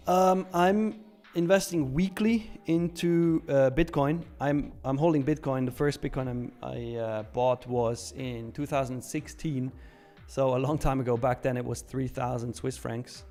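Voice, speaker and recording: A man's voice: medium pitch, fairly even intonation, moderate pace, a little mellow, soft background music. A young man hosting a live trading stream in casual chat, reading viewer questions aloud and answering them. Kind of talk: casual live market commentary.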